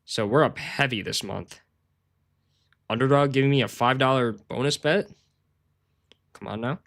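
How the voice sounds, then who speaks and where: Chatting with his stream viewers while researching sports bets, a man speaks in a medium-pitched, fairly bright voice at a moderate pace. His talk rambles with slang and plenty of "bro," and he laughs often and jokes at his own expense.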